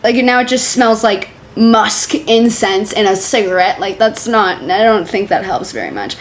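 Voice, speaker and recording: A woman's voice: medium pitch, animated, moderate pace, a little hiss or hum. A young woman streamer reacting to forum posts, reading them aloud in a casual, sarcastic way that is full of laughter and swearing. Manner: chatty, sarcastic, swears freely, laughs often.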